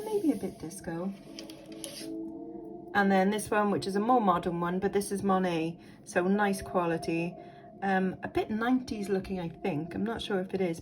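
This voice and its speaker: Chatty woman showing off jewellery. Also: medium pitch. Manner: chatty and enthusiastic, thinking aloud with many ums and likes. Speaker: vintage jewellery reseller. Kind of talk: casual show-and-tell vlog.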